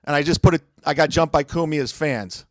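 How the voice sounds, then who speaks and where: Brief: young male comedian, slightly high voice, defensive, rambling anecdote, dry close podcast sound. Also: brisk, dry recording. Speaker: comedian guest. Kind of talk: casual podcast storytelling.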